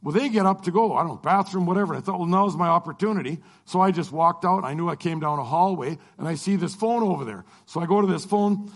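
A man telling a personal story to an audience in a lively way, acting out the people he quotes. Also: sits high, fast talker, few pauses. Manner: animated, acts out the people he quotes.

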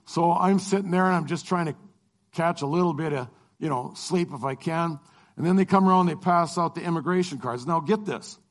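A man's voice: fairly high pitch, a little fast. A middle-aged man, a Christian lecturer, telling a personal travel story and acting out the dialogue. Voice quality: animated, acts out dialogue. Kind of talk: storytelling testimony.

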